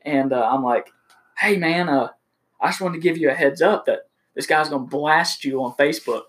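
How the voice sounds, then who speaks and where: Animated, profane man telling a story. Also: a little high, normal speed. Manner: animated, profane, acts out quotes loudly. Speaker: car salesman telling a story. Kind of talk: casual storytelling chat.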